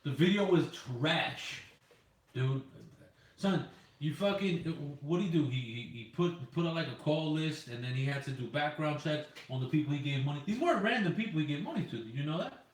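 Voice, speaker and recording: A man's voice: fairly high pitch, lively intonation, brisk, far from the mic. A man co-hosting a casual chat, blunt and profane, often mocking. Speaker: podcast co-host. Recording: echoey room, off-mic.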